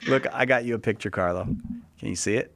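A man hosting a call-in show, taking callers and joking with his guest in quick banter. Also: on the low side, creaky, a bit bright, no echo.

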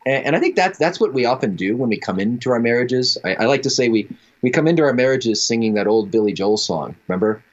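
A man's voice: mid-range voice, animated, fast talker. Storytelling man on a dull line. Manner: storytelling, acts out quoted voices, laughs often. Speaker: guest speaker. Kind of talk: relaxed radio interview talk.

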